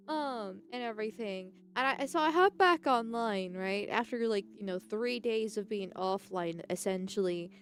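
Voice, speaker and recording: A young woman chatting on a live stream, rambling with frequent restarts and laughs, and reading chat messages aloud. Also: medium pitch. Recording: faint background music.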